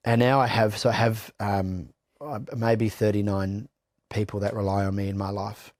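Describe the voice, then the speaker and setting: Blunt Australian man, low voice. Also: steady tone, moderate pace, a little mellow, dry recording, studio quality. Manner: raw, blunt, swears freely, many restarts. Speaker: interview guest. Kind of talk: candid personal testimony.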